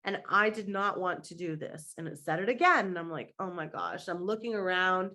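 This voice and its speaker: A woman's voice: on the low side, moderate pace, bright, forceful tone. A middle-aged woman, a mindset coach on a podcast, telling a story with animation and acting out the other people's lines.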